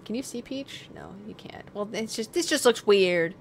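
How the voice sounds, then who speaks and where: A woman's voice: medium pitch, expressive, moderate pace, creaky. A woman streamer chatting casually while gaming, playful and sarcastic.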